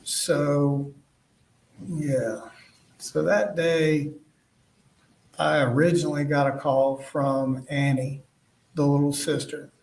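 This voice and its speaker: A man giving courtroom testimony as a witness, speaking haltingly and retelling past conversations as quoted dialogue. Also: on the high side, steady tone, vocal fry, a little mellow. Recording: echoey room, voice far from the mic.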